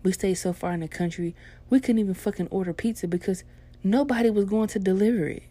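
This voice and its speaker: A woman's voice: medium pitch, quick pace, mellow. A young adult woman telling a personal story in a casual, laid-back and profane way.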